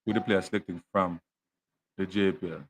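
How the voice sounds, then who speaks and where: A man's voice: low voice, steady tone, a little fast. A man arguing back on a sports talk show, cutting in with patois phrasing. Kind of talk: heated sports debate.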